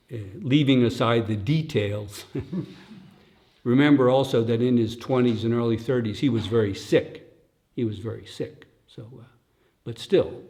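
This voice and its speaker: An older man giving a dharma talk at a retreat in a slow, reflective way, often tagging his lines with "huh?" and dropping to soft, near-whispered asides. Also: mid-range voice. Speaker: dharma teacher.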